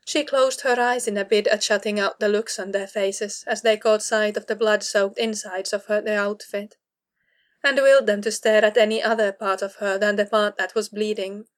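A woman reads a story aloud in a measured, steady way, like an audiobook narrator. Her voice sits at a middling pitch for a woman. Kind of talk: audiobook reading of fan fiction.

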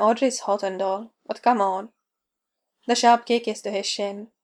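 A woman narrating a story aloud with a steady, even reading. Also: medium pitch. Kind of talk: reading fan fiction aloud.

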